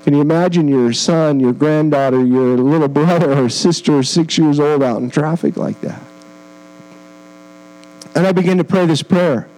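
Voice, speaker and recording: A man with a notably high voice preaches at a church, telling a story from his missionary work. He mixes earnest conviction with self-deprecating jokes, reliving each moment as he goes. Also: normal speed, warm tone, poor audio. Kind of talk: storytelling sermon.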